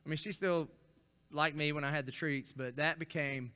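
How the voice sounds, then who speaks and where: A middle-aged man, preaching a folksy, animated storytelling sermon as a senior pastor. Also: a little high, normal speed, clear, resonant tone. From Florida. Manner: folksy, animated storytelling with acted-out quotes and rising intensity.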